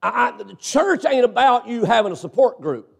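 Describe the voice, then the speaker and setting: Man, high-pitched voice, preaching, frequent amens. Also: animated, moderate pace, vocal fry, husky. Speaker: pastor. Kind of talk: sermon.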